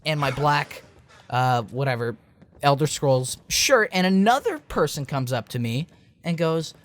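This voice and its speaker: Young male reviewer, loose rambling rant delivery, voice a touch high. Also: lively intonation, measured pace, slight background noise. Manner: rambling, filler-heavy, restarts. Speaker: game reviewer. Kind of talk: rambling late-night vlog rant.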